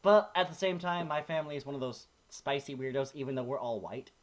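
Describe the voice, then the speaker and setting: A male podcast co-host with a mid-range voice speaks at a quick pace in casual chat. He tells rambling, animated stories with lots of restarts.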